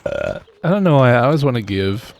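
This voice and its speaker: He's playing a game on a live stream, chatting in a loose, rambling manner, often laughing and knocking himself down. The voice is medium-pitched, sing-song and a little mellow, fairly quick, with slight background noise.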